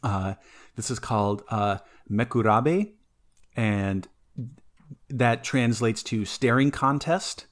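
A man's voice: mid-range voice, takes it slowly. A man co-hosting a podcast, talking about folklore in a casual, rambling way with lots of fillers and restarts. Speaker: podcast co-host presenting folklore. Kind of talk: casual chat.

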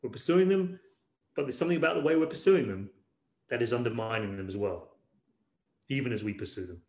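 A man's voice: mid-range voice, brisk. A male pastor preaches in an easygoing, conversational way, circling back on his words as he thinks aloud. His voice sits in a middle register. It echoes around a roomy church hall. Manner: conversational, repeats words while searching. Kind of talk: sermon.

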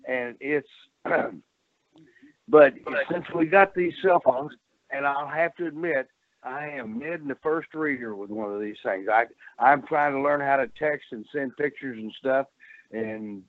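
A man's voice: medium pitch, a little slow, no echo. An older man, once a pro wrestler, calls in over a thin, phone-like line. He rambles from story to story in a salty way and laughs at his own tales. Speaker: former pro wrestler, guest. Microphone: telephone.

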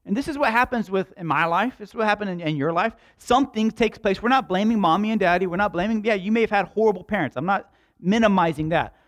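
A man's voice: high-pitched, fast talker, a bit bright. A man preaching a sermon in a conversational way, with joking asides to the congregation. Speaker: pastor.

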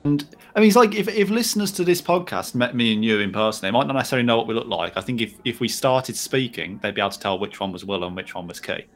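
A man with a mid-range voice co-hosts a podcast in a casual chat. He speaks haltingly, pausing with fillers and restarts, and lets his voice rise when he acts out quotes. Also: medium pitch, lively intonation. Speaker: podcast co-host.

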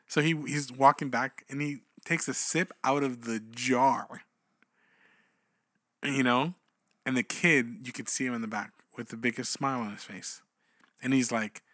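A man's voice: mid-range voice, fairly even intonation, moderate pace, fairly bright tone, no room sound. A man co-hosting a casual podcast chat, telling a story in a loose, rambling way. He stops and restarts his sentences often. His voice sits mid-range and sounds dry and close. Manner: rambling, many restarts and "you know"s. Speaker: podcast co-host.

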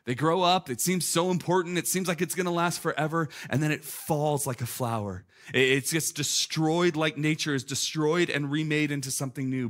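A man in his thirties, a pastor preaching a conversational, lively sermon full of "like" and "listen". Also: a little high, fairly quick, hardly any pauses. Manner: conversational, animated, peppered with "like" and "listen".

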